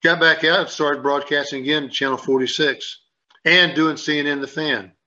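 A man's voice: on the high side, fairly even intonation, normal speed, pushed and bright. A man on a sports radio show, rambling and repeating himself as he tells a story and acts out what people said. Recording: dull lo-fi sound.

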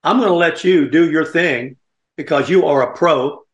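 A man's voice: on the high side, normal speed, roomy sound, highs cut off. An older man hosting a radio talk show, chatting in a folksy, rambling way and laughing often. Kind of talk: casual radio chat.

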